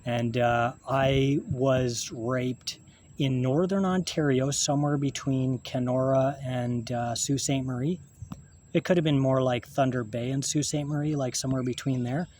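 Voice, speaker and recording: A man, talking in a halting, rambling monologue to camera, full of restarts and swearing. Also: medium pitch, steady tone, a little mellow, slight background noise. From Canada.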